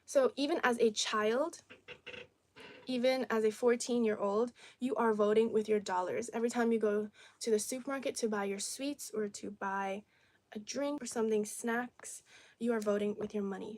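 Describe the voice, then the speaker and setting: A young Chinese woman whose first language is Cantonese hosts a livestream, chatting casually and responding to viewer comments. Her voice is slightly high and darkish, her pace moderate, with a little background noise, captured on a phone or camera on a tripod.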